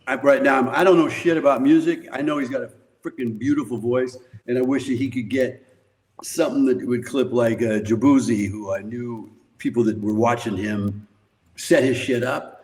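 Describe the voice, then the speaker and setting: A man's voice: medium pitch, fairly even intonation, normal speed, darkish tone, low-quality recording. An older man, a podcast guest, telling rambling, profane anecdotes in casual conversation and laughing often. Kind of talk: casual storytelling.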